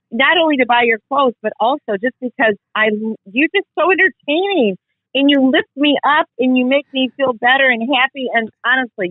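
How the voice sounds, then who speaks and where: A woman's voice: fairly high pitch, dry recording. A woman calling in by phone to a podcast, effusive and gushing with praise. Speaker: caller, guest's mother. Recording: dull phone line.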